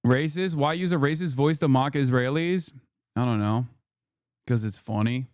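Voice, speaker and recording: A man's voice: mid-range voice, normal speed, a little mellow, smooth, dry recording, studio quality. A man hosting a political commentary stream, talking heatedly and emphatically, swearing often and repeating his points. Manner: heated, profane, emphatic and repetitive. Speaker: streamer host.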